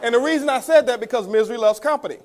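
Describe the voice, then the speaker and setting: Guy with a high voice doing a quick motivational story talk, keeps saying guys. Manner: storytelling, addresses the audience as guys, chuckles often. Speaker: network marketing speaker.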